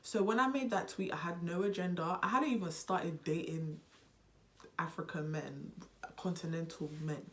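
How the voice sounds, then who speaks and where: Animated young British woman vlogging. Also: on the low side, moderate pace. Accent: British, switching into Nigerian. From United Kingdom. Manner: animated and unserious. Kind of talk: casual vlog chat.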